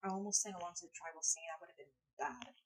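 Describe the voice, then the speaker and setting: A woman's voice: fairly low pitch, rapid-fire, breathy edge, low-quality recording. A woman live streaming in casual chat, playful and blunt, swearing freely, speaking English as a second language. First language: not English.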